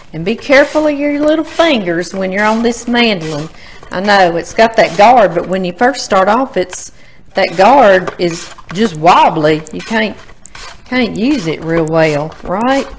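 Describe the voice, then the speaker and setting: A woman's voice: medium pitch, slight background noise. A middle-aged woman with a Louisiana Southern accent, hosting a casual cooking demonstration in a home kitchen and chatting folksily straight to her viewers. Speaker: cooking show host.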